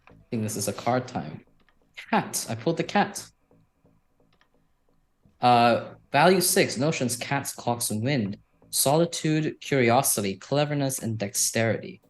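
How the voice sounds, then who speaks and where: A man narrating a tabletop game as game master, unhurried and thinking aloud with frequent fillers. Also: medium pitch, animated.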